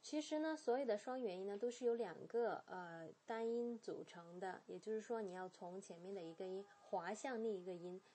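A woman teaching English pronunciation in a clear lesson style, modelling words and sounds slowly and repeating them, with explanations in Mandarin. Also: mid-range voice, dark tone.

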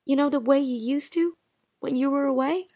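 A woman's voice: high voice, normal speed, mellow, no echo, clean studio sound. A woman playing Jean, a lovesick, anxious woman. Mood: sad. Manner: pleading, breathless and emotional. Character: anxious, lovesick young wife pleading with her absent man. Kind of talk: dialogue-story drama reading.

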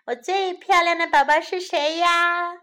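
A woman voicing a patient, worn-out mother rabbit who speaks softly and gently. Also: extremely high pitch, steady tone, unhurried, pitched above the performer's own voice, full character voice. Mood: gentle. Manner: soft, gentle and hushed.

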